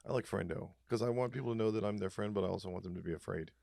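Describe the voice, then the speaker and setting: A man with a lowish voice co-hosts a loose comedy podcast. He delivers dark jokes deadpan and wanders off on rambling tangents. The recording is dry and close, with no room sound. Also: very fast, creaky, no echo. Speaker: podcast co-host. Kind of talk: casual comedic chat.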